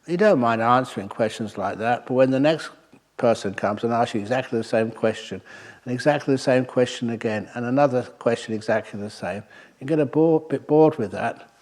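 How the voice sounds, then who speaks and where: A male Buddhist monk leads a meditation retreat with a wry, storytelling talk, in a voice of ordinary middle pitch. He winds through anecdotes at an easy pace and drops in the occasional filler as he goes. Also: a little fast, a little mellow. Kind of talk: humorous storytelling dharma talk.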